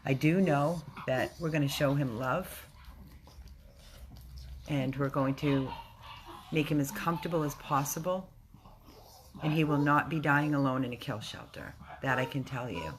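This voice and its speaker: Very low-voiced woman rescue volunteer. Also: slight background noise. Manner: emotional, halting, with restarts. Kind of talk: casual video update. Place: rescue house, indoors.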